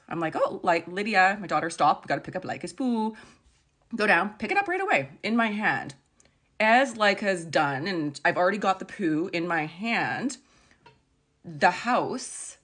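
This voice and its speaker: Chatty low-voiced woman vlogger. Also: slightly rough. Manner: chatty, animated retelling with many "like"s. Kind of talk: casual storytime chat.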